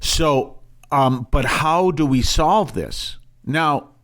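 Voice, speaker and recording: A man's voice: fairly high pitch, expressive, extremely slow, fairly bright tone. A man, a priest hosting a broadcast, teaching in a rambling, emphatic way with many restarts and asides. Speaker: priest and show host.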